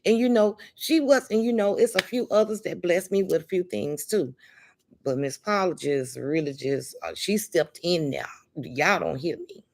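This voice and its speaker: This is a woman, chatting to viewers on a live stream. Her voice sits a little low. She talks emphatically and fondly, leaning on honey and baby as she speaks into her phone or webcam. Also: lively intonation, normal speed, darkish tone. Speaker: livestream host. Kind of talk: casual livestream chat.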